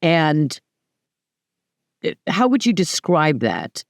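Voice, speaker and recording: Halting man asking questions. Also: a little high, huge pitch swings, dry recording, clean studio sound. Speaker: interview host. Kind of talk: interview.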